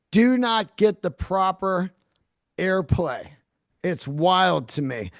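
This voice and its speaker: A man, a comedian from the San Francisco Bay Area, telling profane, animated backstage stories in a casual interview. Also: high voice, slow, no room sound, studio quality. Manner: animated, profane storyteller who acts out quotes. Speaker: comedian guest.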